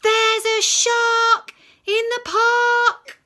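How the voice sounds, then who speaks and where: A woman voicing an excited little boy who shouts out loud in alarm. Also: very high-pitched, very slow, pitched above the performer's own voice, heavily acted. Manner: shouting at full volume.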